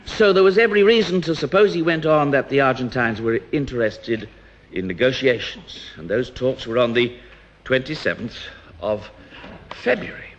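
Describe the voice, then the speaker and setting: A man's voice: medium pitch, lively intonation, slight background noise. Man speaking in a parliamentary debate. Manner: rhetorical, emphatic, with pauses and restarts. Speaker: opposition politician. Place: House of Commons debating chamber. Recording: dull archive parliamentary broadcast.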